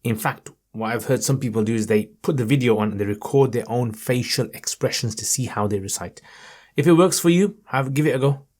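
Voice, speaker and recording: A man teaching Quran reading in an online lesson, patiently encouraging and modelling each verse in a slow, melodic recitation tone. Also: mid-range voice, darkish tone. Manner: chants verses in a raised melodic tone.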